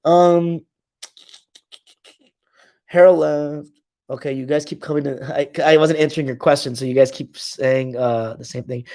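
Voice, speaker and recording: A man's voice: fairly high pitch, fairly even intonation, measured pace, long pauses, mellow. A young man hosting a casual live stream, reading comments aloud and trash-talking his viewers.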